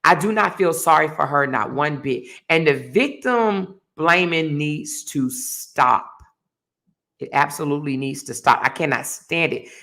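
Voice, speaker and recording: A woman's voice: sits low, expressive, a little slow, a bit bright. A woman hosting her own livestream and ranting in a heated, blunt, profane way, repeating her points. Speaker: livestream host. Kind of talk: casual livestream rant.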